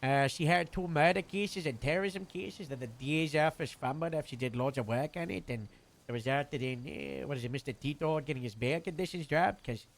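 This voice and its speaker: A man playing a police captain in casual role-play chat, halting and full of fillers and restarts. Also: on the high side, gravelly, slight background noise.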